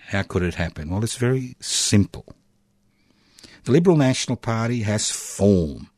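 A very deep-voiced Australian man hosts a community radio show from a dry, close-miked studio. He delivers political commentary in a sardonic way, chuckling often and leaning on emphatic pauses. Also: dry recording. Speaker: radio host.

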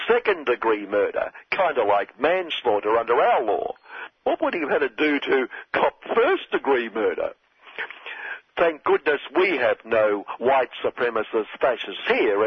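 A man's voice: mid-range voice, slightly rough, dry recording. An Australian man delivering a sardonic satirical monologue with mock-earnest irony. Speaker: satirical commentator. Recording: dull lo-fi dry recording.

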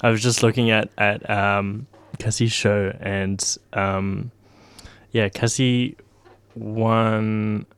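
A man co-hosting a radio show, talking casually in a halting way with many ums. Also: lowish voice, little pitch movement, clean tone, dry recording. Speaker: radio co-host.

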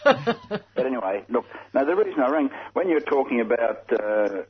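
A man's voice: medium pitch, big pitch swings, moderate pace. A man calling a radio gardening show, jokey and rambling. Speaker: caller. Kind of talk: talkback radio call. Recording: dull radio call with faint noise.

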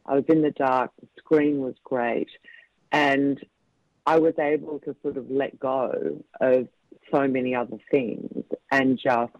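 A man, a film director, talks reflectively in a radio interview, pausing and restarting his sentences. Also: medium pitch, little pitch movement, darkish tone, no echo. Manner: reflective, halting, many restarts. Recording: slightly muffled dry radio audio.

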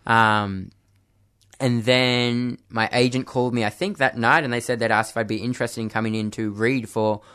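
A man's voice: medium pitch, fairly even intonation, normal speed, sharp tone, clear, resonant tone. A young man, a dancer and actor, chatting casually in an interview, with many fillers and friendly laughs.

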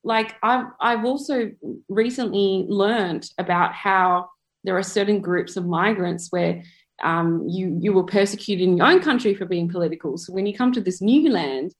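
A woman from Perth talks in a relaxed, reflective way about her own life. Her Australian accent is easy to hear, and she fills her sentences with "like". Her voice sits at a middling pitch for a woman. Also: moderate pace. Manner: chatty, with many filler "like"s. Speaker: photographer and activist. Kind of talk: reflective personal storytelling.

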